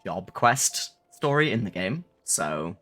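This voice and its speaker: Young man, streamer, casual rambling chat, low-ish pitch, bright tone. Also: sing-song, slow pace, faint music behind. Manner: rambling, swears a lot, lots of fillers.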